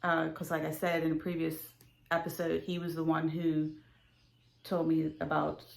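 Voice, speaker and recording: A woman's voice: sits low, monotone, gravelly. Hesitant woman in an echoey room. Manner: hesitant, halting, with restarts. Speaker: podcast co-host. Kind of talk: personal casual chat. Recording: roomy echo.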